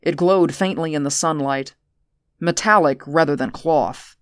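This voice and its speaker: A woman narrating a story aloud in a measured audiobook reading. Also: sits low, dry recording, clean studio sound. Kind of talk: audiobook narration of science fiction.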